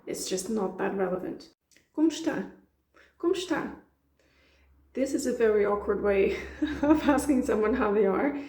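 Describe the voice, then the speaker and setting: A woman's voice: mid-range voice, normal speed, warm tone, echoey room. A woman from Portugal with a European Portuguese accent, teaching in a chatty way, acting out dialogue lines and laughing often. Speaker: language teacher. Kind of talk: casual explanatory lesson.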